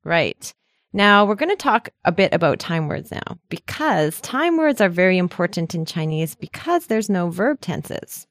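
A woman's voice: on the low side, very animated, unhurried, fairly bright tone, no room sound. A woman co-hosting a language lesson, chatty and explaining patiently with frequent laughs. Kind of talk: casual podcast lesson.

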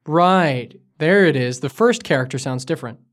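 A man's voice: on the high side, lively intonation, moderate pace. A man co-hosting a language lesson podcast, speaking as a curious learner who asks for examples, recorded in a studio. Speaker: co-host. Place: studio in Beijing.

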